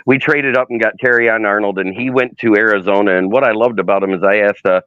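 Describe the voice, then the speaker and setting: Man, low voice, animated storyteller, dull lo-fi audio. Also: fast talker, dry recording. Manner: animated storyteller, acts out quotes. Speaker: sports media intern and livestream guest. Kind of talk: casual livestream storytelling.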